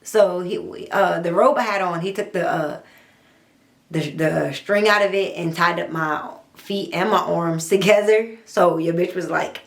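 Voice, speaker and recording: A young adult woman, telling her own story in a blunt, profane, animated storytime monologue. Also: fairly low pitch, unhurried, vocal fry. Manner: blunt, profane, animated retelling with quoted dialogue.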